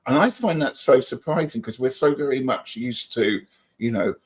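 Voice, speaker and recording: A man's voice: mid-range voice, normal speed. Chatty upbeat man reading chat comments. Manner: chatty and upbeat, greeting viewers by name. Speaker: livestream co-host. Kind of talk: casual live chat reading viewer comments.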